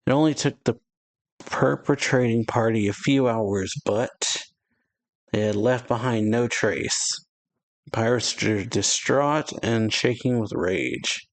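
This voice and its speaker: Gravelly low-voiced man reading manga aloud. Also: takes it slowly, no echo, rough recording. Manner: reads manga dialogue aloud in a plain voice, adding chuckles and asides. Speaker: anime reaction host. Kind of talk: casual reading and commentary.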